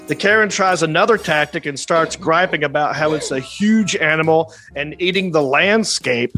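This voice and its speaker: A man with a high, bright voice hosts a morning radio show. He tells a news story in an animated, jokey way and acts out the quotes in funny voices. Soft music plays underneath. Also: moderate pace.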